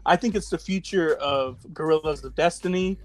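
A man co-hosting a wrestling podcast, talking in a casual, profane, excitable and joking way. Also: fairly high pitch, moderate pace. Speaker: podcast co-host. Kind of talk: casual chat.

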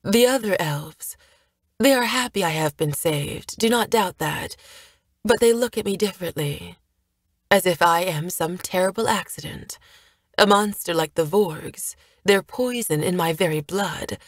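A woman's voice: on the low side, measured pace, dry recording, studio quality. A woman playing a proud, firm-spoken elf woman. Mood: wistful. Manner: firm, formal. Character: elf woman, proud, guarded, secretly wounded.

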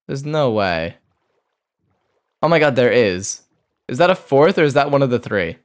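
A male streamer giving live commentary on his own gameplay. His voice swings widely in pitch as he reacts. He mutters, repeats phrases over and over, and swears freely while he plays. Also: normal speed. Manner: excitable, talks to himself, repeats words, swears. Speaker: gaming streamer.

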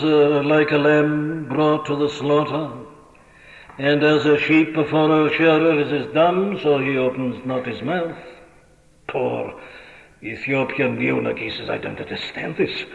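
A man preaching a sermon, impassioned and emphatic, who asks question after question and repeats his points. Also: fairly high pitch. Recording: lo-fi archive recording in an echoey hall.

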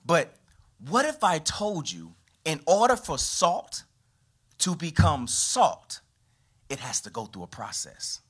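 Animated man preaching a sermon. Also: slow pace, slightly rough. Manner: animated preaching with sweeping pitch and volume. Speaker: pastor. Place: church.

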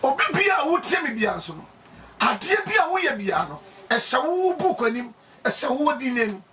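A man with a Ghanaian accent preaching emphatically, laughing often and breaking into shouts. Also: very high-pitched, very animated, moderate pace, recorded from a distance. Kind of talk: animated preaching.

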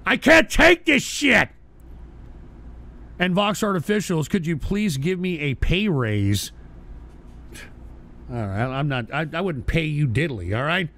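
A man hosting a livestream, reading viewer donations and swearing at his chat, often shouting angrily. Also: on the high side, animated, a little slow. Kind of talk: profane livestream rant.

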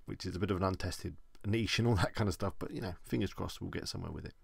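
A man's voice: low-pitched, quick pace, creaky, slightly rough, no echo. A man with an English accent, chatting casually as he answers viewer questions on a live stream.

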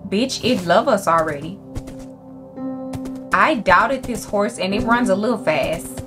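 A woman's voice: mid-range voice, expressive, measured pace, over music. A young woman giving casual gameplay commentary, brash and profane, scolding the animals in her game. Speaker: gaming YouTuber.

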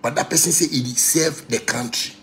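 Ranting on a livestream into his phone, a musician in his thirties with a Ghanaian accent preaches heatedly, swinging between loud, high bursts and low murmurs. His voice is creaky and his pace normal.

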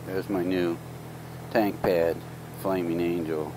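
Speaking slowly in a low voice with fairly even intonation, this man rambles through chatty stories while riding his motorcycle. It's casual ride commentary for his vlog, captured outdoors on a helmet mic with wind and road noise in the background.

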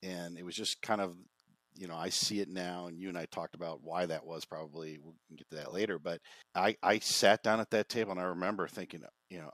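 Guest spot: low-pitched man, dry close sound, reflective and rambling storyteller on a video call. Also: fairly even intonation, brisk, a bit bright, dry recording. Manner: reflective, rambling with frequent restarts. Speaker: podcast guest. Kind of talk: casual conversational storytelling.

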